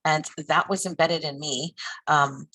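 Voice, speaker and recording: A woman guest in a candid interview, speaking with a low pitch and a bright, forward tone. She talks earnestly and personally. Her delivery stays heartfelt. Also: steady tone, measured pace, low-quality recording. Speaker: social worker guest.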